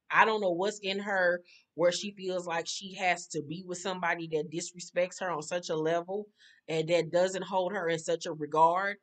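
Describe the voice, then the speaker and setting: Profane, sassy woman recapping reality TV. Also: lowish voice. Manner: blunt and profane, heavy slang, sassy asides. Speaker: show recap commentator. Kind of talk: casual reality-TV recap commentary.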